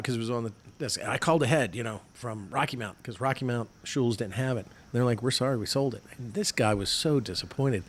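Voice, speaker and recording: A middle-aged man with a drawl chats on a podcast from a remote mic. He rambles through family stories and pokes fun at himself, with a voice of ordinary pitch. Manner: chatty, self-mocking storyteller. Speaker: podcast co-host. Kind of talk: casual chat.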